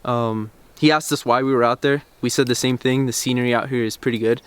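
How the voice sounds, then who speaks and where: A young man who hosts a car channel tells a story outdoors beside parked cars, speaking fast at a medium pitch with a clear, resonant tone. He's relaxed and chatty, acting out quoted dialogue as he retells events. A camera-mounted shotgun mic captures him with no room sound.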